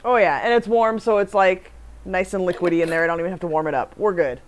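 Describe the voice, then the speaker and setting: A woman's voice: lowish voice, steady tone, quick pace. A woman hosting a casual baking livestream, chatting with her co-host, reading viewer comments aloud and laughing often.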